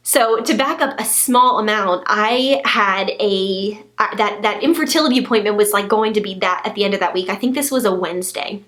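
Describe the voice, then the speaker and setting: A woman in her twenties telling a personal story to camera as a vlogger, gushing and animated, with many fillers and restarts. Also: medium pitch, normal speed, few pauses. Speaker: lifestyle vlogger.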